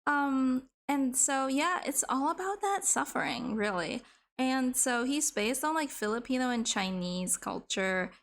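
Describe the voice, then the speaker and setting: Chatty woman streamer, fairly high voice. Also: lively intonation, unhurried, slight background noise. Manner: rambling, chatty, casually swears. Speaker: livestreamer. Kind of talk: casual chat while drawing on stream.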